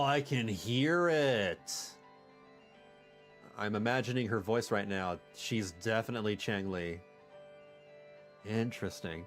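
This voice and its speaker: A young man casually commenting on a game while livestreaming, with chatty, animated reactions. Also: medium pitch. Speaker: streamer.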